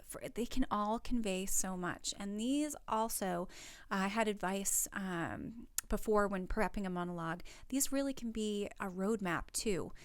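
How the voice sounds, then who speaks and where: A woman's voice: medium pitch, no echo. A woman acting coach giving spoken tips for a workshop in an encouraging, conversational way, with fillers.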